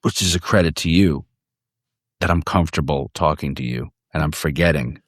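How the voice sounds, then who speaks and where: A man as podcast guest in casual chat, rambling and halting with frequent restarts and some swearing. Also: a bass voice, no echo, clean studio sound.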